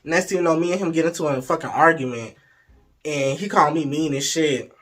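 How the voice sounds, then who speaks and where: A man's voice: fairly high pitch, a little fast, a bit bright. A young man telling a frank, profane, playful story in a casual way, slipping into the voices of the people in it. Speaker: vlogger.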